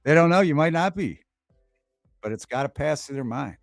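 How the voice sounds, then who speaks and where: A man's voice: a little high, expressive, normal speed, gravelly, no echo, studio quality, faint music behind. A man hosting a livestream talk show, chatting casually, reading the chat aloud and repeating favorite movie lines with relish.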